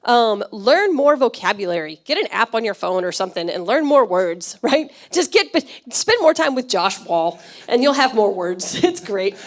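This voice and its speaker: Her voice on the high side and sing-song, a woman pastor gives a chatty, conversational sermon, laughing easily and often checking in with the congregation.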